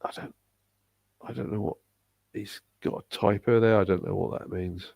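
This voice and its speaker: A man with a Bristol English accent, hosting a live stream and reading out viewer comments in a hesitant, halting way with frequent restarts. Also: lowish voice, fairly even intonation, vocal fry, a little mellow, slightly rough, no echo. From England.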